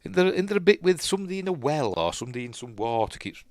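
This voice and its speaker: A man's voice: on the high side, big pitch swings, rapid-fire, a little mellow, dry recording, clean studio sound. A man with a Yorkshire accent giving casual, rambling commentary on a film as he watches, chatty and prone to tangents. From Yorkshire, England. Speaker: film reviewer, channel host.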